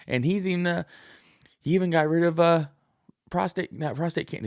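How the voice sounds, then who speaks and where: A man's voice: expressive, brisk, gravelly, darkish tone, dry recording, studio quality. A man in his thirties, a podcast host, in a rambling, profane, jokey monologue. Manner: profane, jokey, puts on high voices to act out stories.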